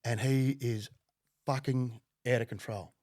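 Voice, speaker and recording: A man tells a wild story on a podcast, swearing freely and often laughing. His voice sits at an ordinary pitch. The recording is dry and close. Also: measured pace, no echo. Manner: profane, animated, laughing. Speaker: podcast guest. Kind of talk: casual storytelling.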